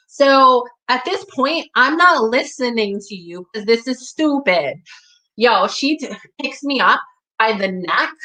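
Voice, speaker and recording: Young woman, storyteller, bright forceful tone, emphatic and profane, slightly high voice. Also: poor audio. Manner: emphatic, profane, reenacts her own shouting. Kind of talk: live personal storytelling. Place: community hall.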